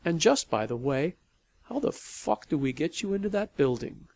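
A man's voice: a little high, big pitch swings, moderate pace, a little mellow, dry recording. A man reading a blunt, tough older woman. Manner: blunt, swearing.

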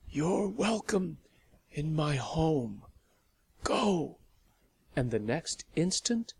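The narrator of a serialized audio story, reading in a steady, measured way. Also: medium pitch. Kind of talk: scripted narration.

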